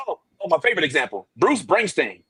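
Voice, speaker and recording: Husky, animated man hosting a chat. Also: fairly high pitch, fast talker. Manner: animated, joking, swears freely. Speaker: podcast host. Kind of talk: casual chat.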